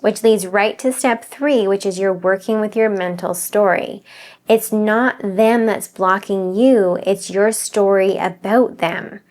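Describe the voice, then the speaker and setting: A woman's voice: medium pitch, steady tone, takes it slowly, a little mellow. A woman who coaches mindset, talking straight to her viewers in an earnest, encouraging way and repeating her key phrases. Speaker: mindset coach and channel host. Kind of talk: motivational talk to camera.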